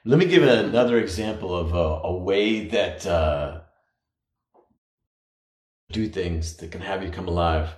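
A man co-hosting a podcast, talking in a casual, reflective way with drawn-out phrases. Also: low voice, expressive, a little mellow. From United States. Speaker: podcast co-host. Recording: echoey room.

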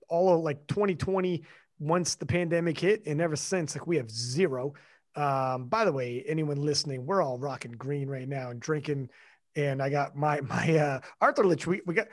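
A male podcast host with a slightly high voice that swings up and down a lot as he jokes around. He talks loosely and swears freely, and the sound is dry and close. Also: no echo. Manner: animated, joking, swears freely. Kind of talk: casual podcast chat.

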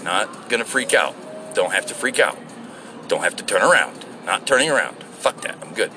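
A man's voice: fairly low pitch, sing-song, moderate pace. A man rambling casually to himself while driving, profane and joking, with road and air-conditioning hum behind him. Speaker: solo show host. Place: inside a car.

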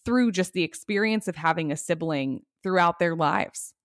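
A woman's voice: on the low side, moderate pace, dry recording, clean studio sound. A woman hosting a parenting podcast, speaking candidly and emotionally while asking questions. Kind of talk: casual podcast chat.

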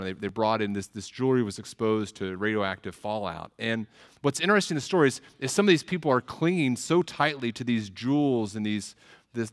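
A man preaching a sermon as a pastor, earnest, often repeating words as he starts phrases. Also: medium pitch.

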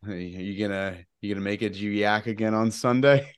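A man with a lowish voice co-hosts a casual sports podcast. He rambles, jokes and laughs often. The sound is dry and close. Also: normal speed, clean tone, no echo. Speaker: podcast co-host. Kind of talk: casual chat.

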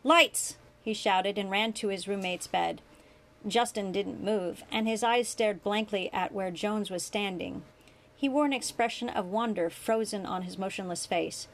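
A woman reading her fan fiction aloud in a steady narrating manner. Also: medium pitch, normal speed. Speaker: story reader.

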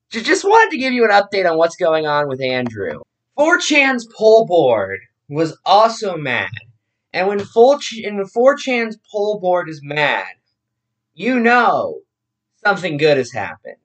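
A man's voice: sits high, a bit bright. A man giving blunt, mocking commentary on forum posts. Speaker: online commentator.

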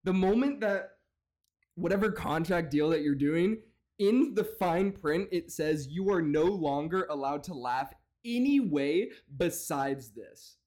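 A man's voice: fairly high pitch, expressive, a little slow, a little mellow. A man hosting a comedy podcast, ranting and mocking with lots of swearing and laughter. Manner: profane, mocking, laughs a lot. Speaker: podcast host.

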